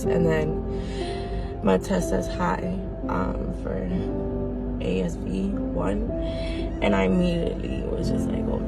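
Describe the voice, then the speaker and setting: A woman's voice: on the low side, gravelly. A young woman telling a personal story to camera in a rambling, casual way. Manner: rambling, many fillers and "like". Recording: loud music playing under the voice.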